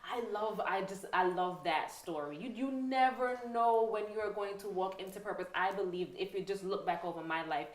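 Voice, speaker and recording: A woman's voice: mid-range voice, normal speed, hardly any pauses, roomy sound. A woman hosting a faith-based talk show, giving enthusiastic, preachy encouragement. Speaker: host.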